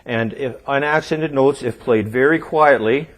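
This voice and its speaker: A man's voice: mid-range voice, a little slow, noisy background. A man teaching drums, counting beats aloud as he demonstrates and checking in with the viewer often. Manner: counts rhythms aloud while playing; relaxed, checks in often with okay and all right. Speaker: drum teacher. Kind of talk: instructional demonstration.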